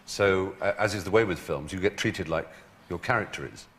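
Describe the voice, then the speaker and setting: A man's voice: sits low, fairly quick, fairly bright tone, slight background noise. A man as a talk show guest, telling stories in a wry, theatrical way with frequent laughter. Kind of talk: anecdotal chat.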